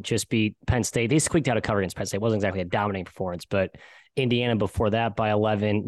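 A man co-hosting a podcast, talking through sports bets in a measured, stat-heavy way with frequent fillers. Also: fairly low pitch, dry recording. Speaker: podcast co-host and betting analyst. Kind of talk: casual sports betting chat.

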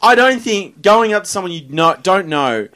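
A man tells stories in a casual co-hosted chat. He swears freely and his pitch jumps around a lot, sitting a touch high overall. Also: normal speed. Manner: sweary, animated storytelling. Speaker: podcast co-host. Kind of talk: casual banter.

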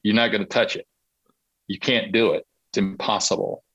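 A middle-aged man with a lowish voice spins a story as a podcast guest, switching into the voices of the people he quotes. The sound is close and dry, with no room around it. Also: normal speed, husky, no echo, lo-fi sound. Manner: animated anecdote-telling, acts out quoted dialogue. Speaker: interview guest, Olympic marketing consultant. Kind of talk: casual storytelling in a podcast interview.

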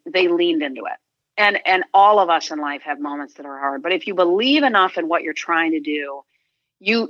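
A woman's voice: lowish voice, a bit bright, no echo, lo-fi sound. A middle-aged woman guest, a sports agent, talking earnestly and reflectively in an interview, often restarting her sentences. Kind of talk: conversational interview.

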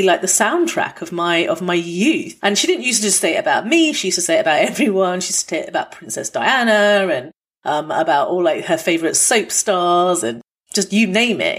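A woman hosting a podcast, chatting with her sister in a lively storytelling way. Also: fairly low pitch, a little fast, breathy edge. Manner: lively, chatty storytelling, asks long questions. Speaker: podcast host. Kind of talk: conversational interview with her sister.

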